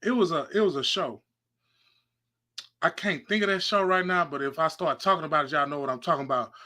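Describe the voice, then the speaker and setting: High bright man preaching casually. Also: brisk. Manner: rambling, repeats himself, talks straight to viewers. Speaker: podcast host. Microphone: phone held close.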